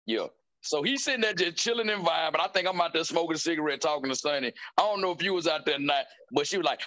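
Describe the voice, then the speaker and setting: Bright, fast-talking animated man. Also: a little high. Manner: loud, animated storytelling with profanity and quoted lines. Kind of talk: casual chat.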